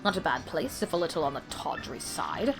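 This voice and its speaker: A woman's voice: low-pitched, very animated, fairly quick, gravelly, music in the background, exaggerated voice. A woman voicing a snooty, rich male tycoon with a haughty, drawling manner.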